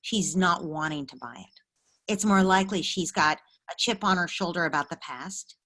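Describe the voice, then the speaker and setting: A woman's voice: lowish voice, normal speed. A middle-aged woman hosting a parenting call-in session, giving empathetic, direct advice to callers over a video call. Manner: warm coaching, empathetic and direct. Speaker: parenting expert hosting call-in office hours.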